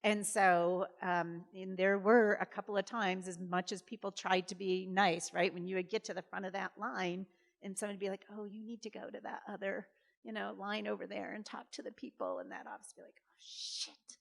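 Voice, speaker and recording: A woman in her fifties, a former governor, telling stories in a chatty, animated way on stage, full of fillers and acted-out quotes. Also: medium pitch, a little fast, gravelly. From Massachusetts. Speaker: guest speaker, former governor. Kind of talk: conversational storytelling on stage. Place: college event hall. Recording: reverberant hall.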